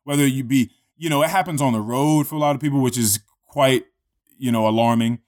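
A man casually telling a long story in a relaxed, profane way, full of fillers like "you know" and "like". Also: medium pitch, fairly quick.

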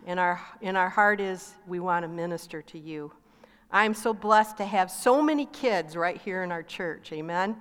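A woman's voice: lowish voice, moderate pace, clean tone. Middle-aged woman co-pastor, storytelling in a hall. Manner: warm storytelling, acting out quoted talk. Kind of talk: sermon testimony. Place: church sanctuary. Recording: long reverb of a large hall.

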